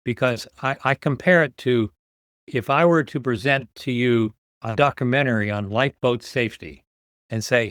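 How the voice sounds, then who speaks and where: An older man in his sixties speaks earnestly as a podcast guest, often repeating a word as he builds toward his point. His voice sits at a middle pitch for a man. The sound is close and dry. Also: normal speed, fairly bright tone, no echo. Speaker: guest, author and nonprofit founder. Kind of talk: podcast interview storytelling.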